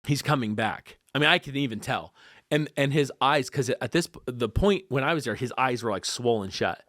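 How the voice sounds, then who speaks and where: A man telling a personal story in a casual podcast conversation, animated and acting out the voices of the people involved. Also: mid-range voice, dry recording, studio quality. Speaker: guest.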